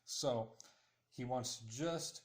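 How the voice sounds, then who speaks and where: A man's voice: medium pitch, slow. A man patiently explaining a tabletop wargame's rules step by step, with frequent fillers. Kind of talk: tabletop game tutorial. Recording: roomy echo.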